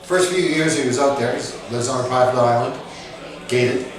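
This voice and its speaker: A man's voice: mid-range voice, normal speed, far from the mic. Casting note: man from Nova Scotia, easygoing storyteller, off-mic in a noisy echoey pub. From Nova Scotia, Canada. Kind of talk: casual storytelling. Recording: echoey pub, off-mic, busy crowd behind.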